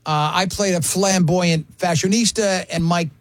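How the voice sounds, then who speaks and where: In a dry recording, a man in his fifties runs a radio talk show, kidding around with his co-hosts and reading listener notes aloud, laughing a lot. His pitch sits high, his tone is steady, and he speaks a bit slowly in this casual studio chatter.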